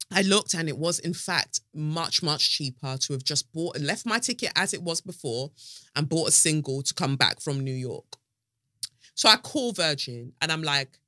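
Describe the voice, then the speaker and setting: Animated woman. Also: low voice, moderate pace, no echo, studio quality. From United Kingdom. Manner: animated, dramatic, swears freely, storytelling. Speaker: podcast host. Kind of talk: casual podcast monologue.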